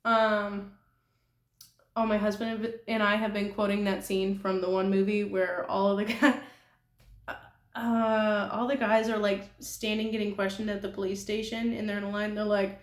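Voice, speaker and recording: A woman's voice: medium pitch, flat delivery, normal speed. A young woman from California chatting casually to her viewers, rambling with frequent giggles and self-deprecating asides. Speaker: nail artist vlogger. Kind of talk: casual chat. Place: apartment room. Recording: echoey room.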